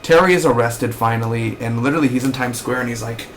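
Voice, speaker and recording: A young man talks through a TV episode in a loose, rambling recap, drifting into rants and stacking up "like" and "you know" as he goes. His voice sits right at an ordinary middle pitch for a man, with a faint hiss of noise under it. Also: fast, a bit bright. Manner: rambling, ranting, with frequent fillers. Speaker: TV episode reviewer. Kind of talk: casual recap and review.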